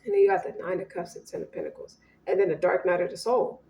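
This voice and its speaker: A woman's voice: fairly low pitch, sing-song, quick pace, vocal fry, mellow, roomy sound. A woman giving a casual tarot reading in a blunt, profane way, voicing both partners in turn. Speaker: tarot reader.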